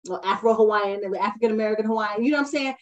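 A woman hosting a podcast interview, chatty and quick to laugh. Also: medium pitch, muffled recording. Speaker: podcast host. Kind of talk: casual interview.

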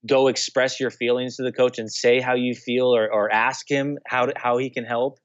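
A man's voice: medium pitch, flat delivery, moderate pace, dry recording. Young male guest, casual storyteller, restarts often, muffled lo-fi sound. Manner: rambling, many restarts and "you know". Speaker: guest, former pro baseball player. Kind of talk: casual conversational interview.

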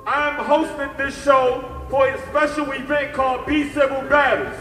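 A man with a very high voice emcees a live battle night, shouting and sing-songing call-and-response chants at the audience. He sounds far from the mic in a booming, echoey room. Loud DJ music and a cheering crowd surround him. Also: unhurried. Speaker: MC hosting a rap and dance battle. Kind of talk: live event hosting, call-and-response hype. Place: bar venue with a stage and live crowd. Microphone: handheld stage mic through PA.

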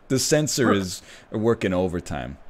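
A man's voice: fairly low pitch, sing-song, unhurried. A young man chatting casually with friends on a stream, joking and swearing freely. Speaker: regular streamer in a group chat. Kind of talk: casual chat.

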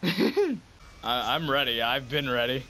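A man playing a video game with friends, loud and swearing, yelling and laughing in disbelief at the chaos. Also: mid-range voice, sing-song, slow pace, slight background noise, low-quality recording. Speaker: gamer. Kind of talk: chaotic gaming commentary with friends.

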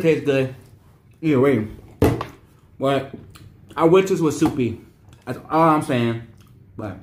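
A man's voice: mid-range voice, reverberant, a little hiss or hum. A man talking casually as he reviews noodles for his vlog, rambling and restarting his sentences often. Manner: rambling, repeats himself with many restarts and fillers. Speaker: vlogger.

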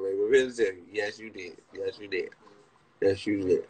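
In a husky voice at normal speed, a young man with a Washington DC area accent rambles to phone livestream viewers. He's profane and excitable, and he yelps out high quotes.

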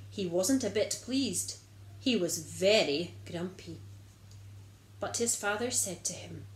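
A woman narrating a children's Bible story and leading a prayer in an expressive storytelling manner. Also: medium pitch, slow, roomy sound, poor audio.

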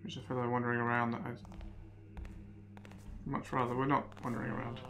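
Gravelly man commenting on a game. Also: mid-range voice, flat delivery, brisk, a bit bright, faint music behind. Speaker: let's player. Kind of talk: gameplay commentary, reading in-game texts.

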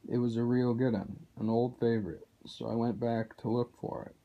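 A man's voice: mid-range voice, fairly even intonation, normal speed, vocal fry, lightly acted. A man reading as an earnest dwarf. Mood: confiding. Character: male dwarf, loyal and gruff storyteller. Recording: dull lo-fi recording.

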